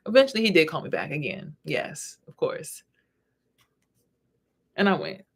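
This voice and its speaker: Her deep, gravelly, slightly rough voice swings hugely in pitch as she speaks unhurriedly. A vlogger and spiritual reader, she tells blunt, profanity-filled stories in a casual monologue to camera.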